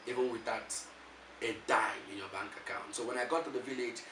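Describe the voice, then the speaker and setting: A Nigerian-accented male preacher tells his story with lively, animated energy, stumbling and repeating words as he goes. His voice sits at an ordinary middle pitch and is picked up from a distance in a reverberant room, with a faint hiss of background noise underneath. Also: a little fast. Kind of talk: motivational testimony. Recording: echoey room, voice from far off.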